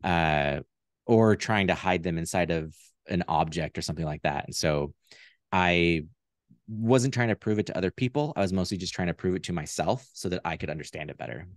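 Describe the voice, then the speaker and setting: Relaxed low-voiced male puppeteer. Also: brisk, dry recording, studio quality. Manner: relaxed, rambling, many fillers. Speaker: puppeteer guest. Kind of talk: casual interview chat. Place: home room via video call.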